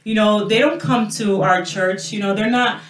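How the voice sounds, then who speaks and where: A woman's voice: medium pitch, moderate pace. Earnest woman pastor, roomy and distant. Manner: earnest, sprinkles 'you know' and 'praise God'. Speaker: pastor and radio host. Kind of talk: casual preaching talk. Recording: roomy sound, away from the mic.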